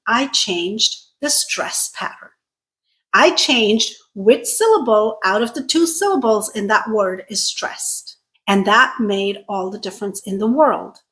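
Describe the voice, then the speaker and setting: A woman with a slightly raised pitch leads a video lesson on English pronunciation. She speaks in a deliberate, clearly enunciated way and leans hard on the words she wants to stress. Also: a bit bright, poor audio. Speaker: English teacher and channel host.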